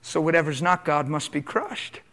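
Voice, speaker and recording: A man preaching a sermon in a church, impassioned, asking rhetorical questions and swinging between loud and hushed delivery. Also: on the high side, moderate pace.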